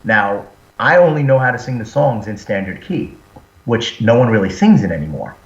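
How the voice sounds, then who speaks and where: Man, metal frontman guest, animated storyteller, echoey dull recording. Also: medium pitch, moderate pace. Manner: animated storyteller, acts out quotes. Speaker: band singer and frontman, guest. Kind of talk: casual interview chat. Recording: roomy, dull lo-fi sound.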